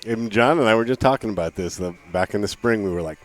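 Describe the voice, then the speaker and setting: A man's voice: fairly low pitch, quick pace, soft background music. A man who produces and co-hosts a podcast, chatting in an easygoing way and laughing often. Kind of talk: casual chat.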